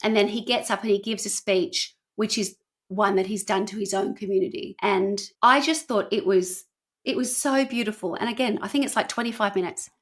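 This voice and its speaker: A woman's voice: medium pitch, steady tone. Earnest woman podcast host. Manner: earnest, shifting between quick asides and slow emphasis. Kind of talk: casual chat retelling a documentary.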